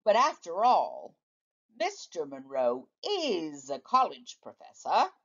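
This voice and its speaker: A woman teacher reading a children's book aloud in a slow, expressive storytelling manner, in a dull lo-fi recording. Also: lowish voice.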